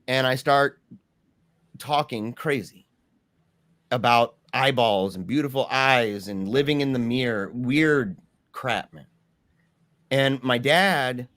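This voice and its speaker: A young man telling his personal story in a candid, animated way with slangy asides. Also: medium pitch, dry recording.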